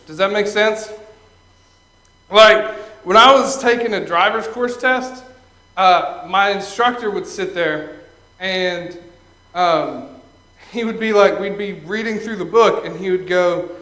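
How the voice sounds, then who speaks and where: A man's voice: high-pitched, normal speed, bright, forceful tone, reverberant, low-quality recording. A young man performing Christian stand-up comedy in a conversational way, chuckling at his own jokes and acting out little characters.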